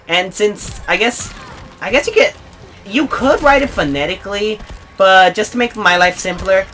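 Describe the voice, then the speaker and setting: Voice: medium pitch, lively intonation, moderate pace, bright, forceful tone, soft background music. A gaming channel host giving casual, rambling let's play commentary, full of fillers and asides to viewers. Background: game sound.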